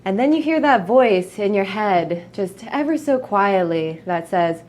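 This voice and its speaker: A woman narrating as game master of a tabletop role-playing game, describing scenes in a lively way. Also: mid-range voice, unhurried, few pauses, a little hiss or hum.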